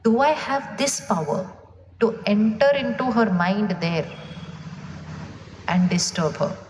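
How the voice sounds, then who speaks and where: A spiritual speaker addresses a live audience in a large, echoey hall with faint room noise, questioning them and pausing for replies. Her medium-pitched voice has lively intonation, and she takes her time.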